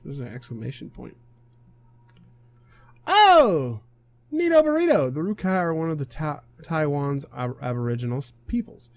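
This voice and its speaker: A man's voice: medium pitch, fairly quick, vocal fry, hardly any pauses, darkish tone, no echo. A young man casually reading a visual novel aloud, stumbling and correcting himself as he goes. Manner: casual, stumbles over words, laughs and self-corrects. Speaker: game streamer reading aloud.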